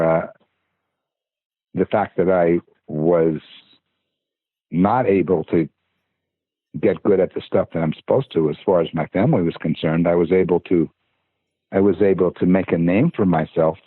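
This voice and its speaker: A man's voice: deep voice, a little slow, pauses often, no echo. An older man, a podcast guest, telling stories casually in a rambling way, stammering and restarting his sentences. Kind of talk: casual storytelling. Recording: husky voice over tinny phone-like line.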